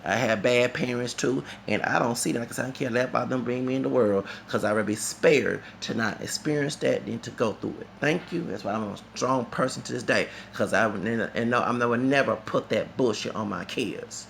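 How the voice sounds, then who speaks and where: A man's voice: medium pitch, brisk, vocal fry, hardly any pauses, fairly bright tone, a little hiss or hum. A man reviewing a concert in a vlog, talking in a heated, rambling and profane way. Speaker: vlogger.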